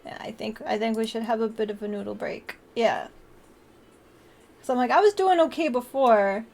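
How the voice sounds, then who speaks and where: A woman's voice: fairly high pitch, moderate pace, darkish tone. A woman streamer chatting casually on a live stream, bubbly, often gasping and laughing as she thanks her viewers.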